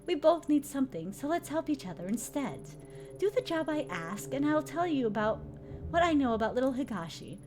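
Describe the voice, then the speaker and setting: A woman's voice: a little high, darkish tone, lightly acted. Woman reading as a silky, menacing yakuza boss lady. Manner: silky, mocking, coolly threatening.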